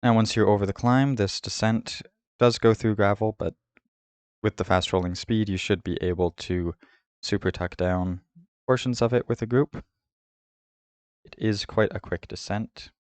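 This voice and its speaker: A man hosting a route guide, giving a steady, methodical voice-over about a race course. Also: on the low side, unhurried, dry recording. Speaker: host of a cycling route guide. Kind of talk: scripted voice-over over game footage.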